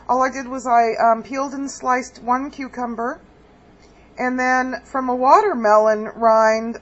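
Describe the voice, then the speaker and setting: A woman chatting casually through a home cooking demonstration, homey and full of ums. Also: fairly high pitch. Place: home kitchen. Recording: dull lo-fi home video with faint background hum.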